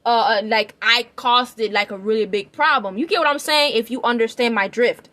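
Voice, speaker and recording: A woman's voice: a little high, moderate pace, bright, forceful tone. A woman giving her opinion in a rambling, emphatic vlog, often checking that the listener follows her. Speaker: vlogger. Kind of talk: opinion commentary.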